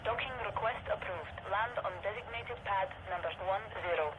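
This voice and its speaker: A man voicing a calm automated station traffic controller in a game, with formal announcements. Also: sits high, normal speed, lightly acted. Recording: dull game audio over crowd noise.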